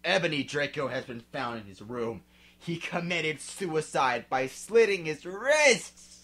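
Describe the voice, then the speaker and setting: A reader voicing an old male wizard headmaster with an overly grave, drawn-out delivery, in a parody storybook reading. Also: medium pitch, animated, fairly bright tone. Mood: solemn.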